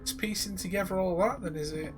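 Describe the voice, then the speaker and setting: A man's voice: sits high, fairly quick, over music. Joking male game streamer. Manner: casual, jokey, addresses viewers. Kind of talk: live gameplay commentary.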